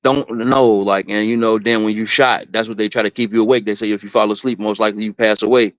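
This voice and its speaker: A man's voice: on the low side, steady tone, fast talker, few pauses, a bit bright, dry recording. A man telling a hard story in casual, profane talk. He circles back and repeats himself as he goes. His voice comes through dry and a little dull, like lo-fi live-stream audio. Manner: rambling, profane, repeats words.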